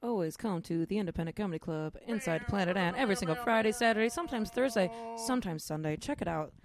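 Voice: mid-range voice, a crowd in the background. A comedian guest on a podcast, casually plugging their club nights and social media. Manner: laughs easily, quick plugs. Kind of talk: casual chat.

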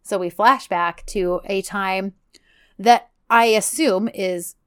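Woman podcast co-host, casual and chatty, retells scenes with lively quoting. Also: medium pitch, slow pace, clear, resonant tone. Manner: chatty, animated retelling, quotes characters. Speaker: podcast co-host recapping a drama series. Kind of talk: casual chat.

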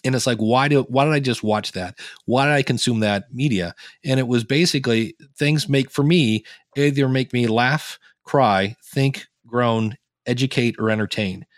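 A man's voice: mid-range voice, moderate pace, no echo, studio quality. A man from Ohio, a podcast guest chatting casually and acting out the reactions he quotes. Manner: animated storyteller, acts out quoted reactions. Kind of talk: casual interview chat.

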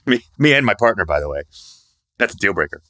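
Lively low-voiced man joking at the table. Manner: joking, laughs often. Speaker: player. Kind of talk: playing a tabletop game.

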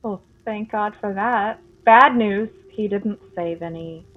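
A woman playing a tabletop game, making dry, quick quips. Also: medium pitch. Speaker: player. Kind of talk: casual tabletop play. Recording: tinny phone-like line.

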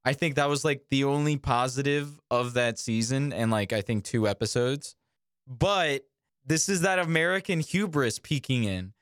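A man's voice: a little high, fairly bright tone, smooth, no echo, clean studio sound. A man co-hosting a podcast, giving blunt opinions and swearing freely in casual chat. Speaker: podcast co-host.

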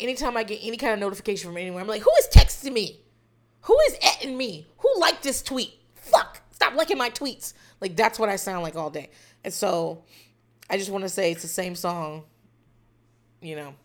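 Podcast host, female, low-ish voice, loose, profane, wry storyteller. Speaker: podcast host recapping a reality dating show. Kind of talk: casual chat.

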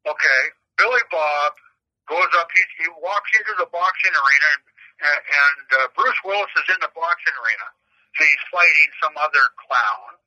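A male prison inmate with a fairly high, bright voice and forceful tone answers questions on a muffled lo-fi phone call. He rambles through stories and crude jokes, often stumbling and repeating words.

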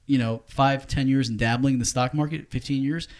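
A man's voice: mid-range voice, fairly quick. A man with a New Jersey accent, a family retail business leader, chatting casually and playfully skeptical about investing. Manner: animated, playfully skeptical, talks over others. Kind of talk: casual chat.

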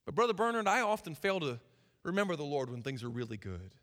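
A man's voice: on the high side, very animated, quick pace, fairly bright tone. A young man preaching a sermon in a church, impassioned, with folksy turns of phrase. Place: church sanctuary. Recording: reverberant hall.

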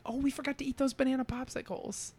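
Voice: high-pitched, level tone, quick pace, a little mellow, slightly rough. A podcast co-host in casual, playful chat who laughs often and swears casually.

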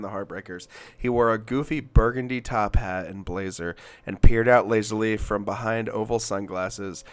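A man's voice: lowish voice, clear, resonant tone. A young man from Alabama, a podcast co-host in casual music chat, who rambles, reads passages aloud and restarts his sentences often.

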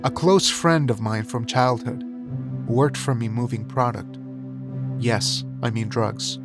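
A man voicing a remorseful incarcerated man who speaks in a quiet, firm, trembling voice, with music behind. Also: medium pitch, fairly even intonation, slow. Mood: somber. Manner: trembling, restrained voice. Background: background music.

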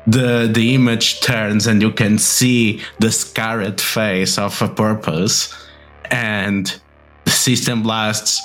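A man runs a tabletop game in a low voice, narrating at a very slow, unhurried pace. He pauses often and searches for his words. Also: flat delivery, fairly bright tone, soft background music. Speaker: game master.

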